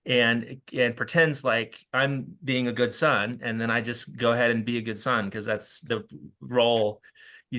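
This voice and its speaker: Bright-voiced man coaching volunteers. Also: medium pitch. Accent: American. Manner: halting, many restarts, acts out door exchanges. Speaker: canvassing trainer. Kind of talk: volunteer training talk.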